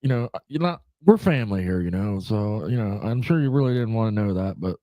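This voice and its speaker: A man's voice: fairly low pitch, expressive, fairly quick, dark tone, no echo. A man hosting a casual livestream chat show, rambling and laid-back, swearing freely, with lots of "you know" fillers. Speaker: podcast host.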